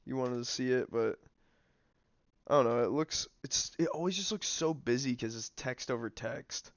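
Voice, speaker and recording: Young male streamer, casual rambling chat, smooth voice with some grit. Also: medium pitch, moderate pace, dry recording, highs cut off. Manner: rambling, filler-heavy, snacking while talking. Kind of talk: casual livestream commentary.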